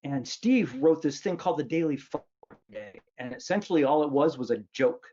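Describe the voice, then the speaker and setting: A man's voice: a little high, animated, normal speed, dark tone, muffled recording, slight background noise. A man in his fifties from Wisconsin, an author giving a humorous storytelling speech in a self-mocking way, full of ums and restarts. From Wisconsin, United States. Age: 50s. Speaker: author giving a luncheon talk.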